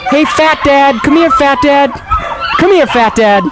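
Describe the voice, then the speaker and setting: A man putting on a high cooing voice to call his dogs, loud and sing-song. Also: unhurried, very noisy. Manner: high cooing, calling out loudly.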